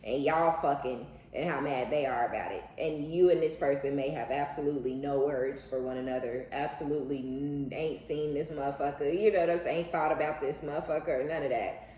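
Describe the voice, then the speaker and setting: A woman with a low voice does a casual collective tarot reading, talking bluntly and swearing freely with a playful edge. Her voice sounds echoey, as if recorded in a bare room, with faint noise underneath. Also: steady tone, a little fast, mellow. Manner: blunt, profane, and playful, with frequent laughs. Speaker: tarot card reader.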